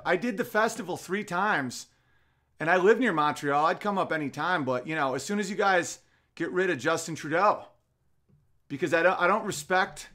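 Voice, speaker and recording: A man in his thirties hosting a podcast, ranting profanely and reading out viewer comments, swinging between loud outbursts and muttered asides. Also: sits high, moderate pace. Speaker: podcast host. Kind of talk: casual podcast rant, reading chat comments.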